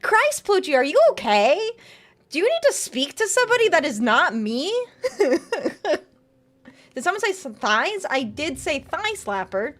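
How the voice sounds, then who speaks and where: Giggly high-voiced woman streamer. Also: very animated, a little slow, a bit bright. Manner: giggly, jokey, reads chat and tarot cards aloud. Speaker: VTuber streamer. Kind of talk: casual live-stream chat with viewers.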